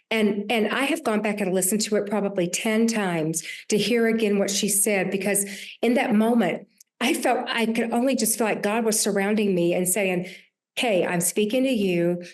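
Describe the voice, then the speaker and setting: This Southern US woman in her sixties talks at a moderate pace in a medium-pitched voice. As a podcast host, she reflects earnestly on her year in conversation, often restarting her sentences.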